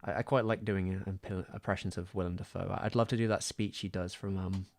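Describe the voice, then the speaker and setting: A young streamer from Southwest England rambles in self-deprecating livestream chat with a West Country accent, close to the mic. His voice is low, gravelly and a little mellow, with a steady tone and slightly fast pace, on a dry recording.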